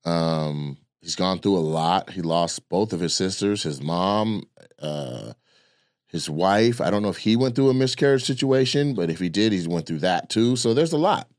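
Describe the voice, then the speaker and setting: A man with a slightly low voice talks through a casual podcast chat in an animated, loose way, cursing without a second thought. His voice sounds close and dry, with almost no room around it. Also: normal speed, no room sound. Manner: animated, loose, swears freely. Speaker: comedian and podcast guest.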